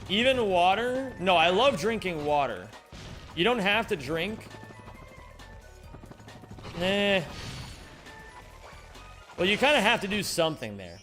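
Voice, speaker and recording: Lively, bright-voiced male streamer joking. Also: sits high, slow pace, long pauses, soft background music. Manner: joking, self-mocking, reads chat aloud and answers it. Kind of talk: casual live-stream chat while speedrunning.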